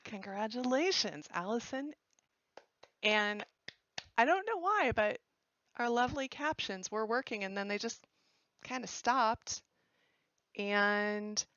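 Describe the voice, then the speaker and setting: A woman's voice: medium pitch, fairly bright tone, smooth, no echo, muffled recording. A woman hosting a live-stream results announcement in a chatty, joking way, correcting herself as she goes. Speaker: livestream host announcing results.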